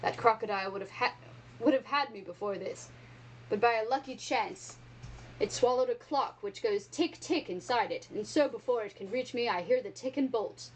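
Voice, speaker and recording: A woman's voice: on the high side, normal speed, slight background noise, close to an everyday voice, poor audio. A woman doing a menacing pirate captain. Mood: fearful. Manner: dark, threatening. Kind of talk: storybook read-aloud.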